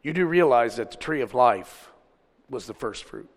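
A middle-aged man preaching a sermon as pastor, swinging between loud, drawn-out peaks and quiet asides. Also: medium pitch, expressive, breathy edge, big-room sound.

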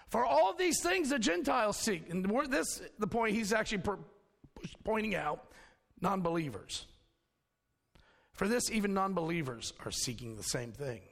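A man preaching a sermon, with a high, gravelly voice that swings widely in pitch. He tells homely stories and chuckles at his own jokes, and his voice rings with long reverb. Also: big pitch swings, moderate pace, a bit bright. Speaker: pastor.

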